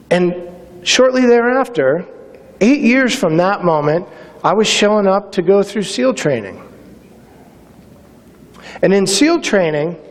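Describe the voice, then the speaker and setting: A middle-aged man from Massachusetts giving a keynote talk, telling personal stories with energy and acting out quotes. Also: high-pitched. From Massachusetts, USA. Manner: energetic storytelling with acted-out quotes. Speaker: keynote speaker. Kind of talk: motivational speech with personal stories. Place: conference hall, on stage. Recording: long hall reverb.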